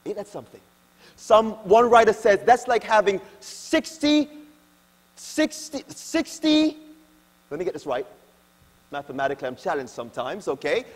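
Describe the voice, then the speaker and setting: A man preaching a sermon as pastor, moving between quiet asides to the congregation and loud, emphatic quotes. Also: a little high. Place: church hall. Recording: long church-hall reverb.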